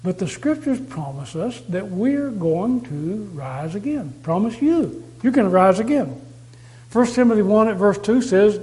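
A man's voice: high voice, animated, unhurried, a little mellow, low-quality recording. A man preaching a sermon, emphatic, repeating key phrases to drive them home.

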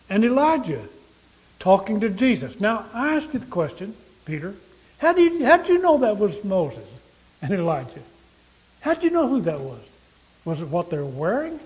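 High-voiced man preaching a sermon. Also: a little mellow, rough recording. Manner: casts listeners as characters and addresses them directly; asks many rhetorical questions.

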